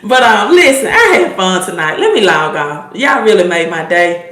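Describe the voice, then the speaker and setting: A woman's voice: medium pitch, very animated, normal speed, a bit bright, echoey room. A woman with a Mississippi Southern accent hosting a casual livestream, chatting and coaching her viewers, calling them y'all and repeating herself as she goes. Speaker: livestream host, credit coach.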